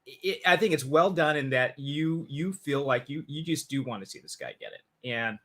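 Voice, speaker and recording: A man hosting a casual film review chat, joking and animated, often restarting his sentences. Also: mid-range voice, moderate pace. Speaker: podcast host reviewing a film.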